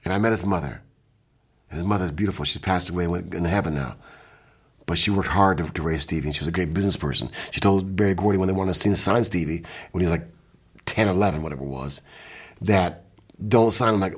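Older man, from Michigan, very deep voice, husky, storytelling, animated, studio. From Michigan, USA. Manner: animated anecdotes, quick bursts, mimics and scats. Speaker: music producer. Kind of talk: storytelling in casual talk. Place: indoor recording studio.

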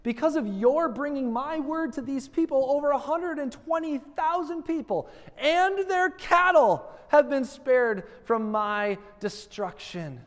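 Brief: man doing a calm, patient god gently scolding, higher voice, hall reverb. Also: a little slow, hardly any pauses. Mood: gently chiding. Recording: long reverb of a large hall.

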